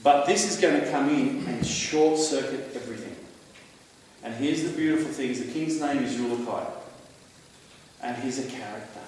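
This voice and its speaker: A man's voice: mid-range voice, moderate pace, a little mellow, slight background noise. A man with an Australian accent, talking emphatically and casually to a live audience as the speaker taking questions. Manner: emphatic, conspiratorial storyteller. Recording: echoey hall, voice from far off.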